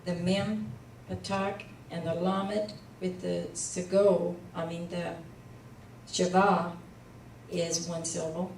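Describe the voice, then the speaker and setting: A Hebrew teacher, a woman with a low, gravelly, darkish voice, instructs her class slowly with little pitch movement. Patient but a bit tired, she coaxes students along with frequent fillers, recorded in an echoey room on a distant mic with slight background noise.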